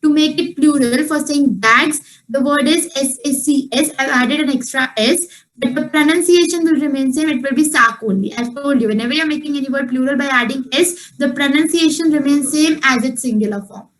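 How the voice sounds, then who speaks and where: A woman's voice: high voice, brisk, rough recording. A woman teaching a French class online, patient and repeating each point.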